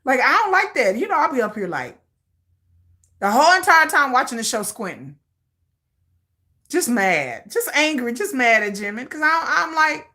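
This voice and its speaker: A woman's voice: high voice, normal speed, pauses often. A woman hosting a casual livestream, chatting with viewers in a dramatic, playful rant and laughing often. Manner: animated, laughing, reacting to viewer comments. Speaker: livestream host.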